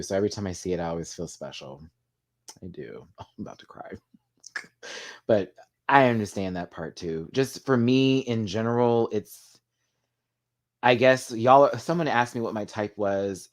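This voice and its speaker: A man hosting a casual live chat with viewers, talking in a sassy, animated way and swearing freely. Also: fairly low pitch. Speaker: live stream host.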